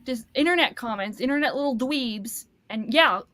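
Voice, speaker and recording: A woman in casual chat on a video call, loud, excitable and blunt. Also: on the high side, normal speed, dry recording.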